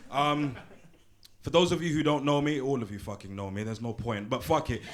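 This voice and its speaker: A man's voice: mid-range voice, steady tone, brisk, noisy background. A young man doing a live stand-up set on a handheld mic in a small comedy club, crude and punchy, swearing and teasing the crowd.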